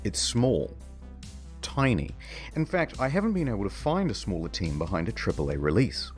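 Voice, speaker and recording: A man's voice: lowish voice, very animated, moderate pace. A man giving dry, wry scripted comedic narration for an internet documentary, with sudden jokes. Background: background music.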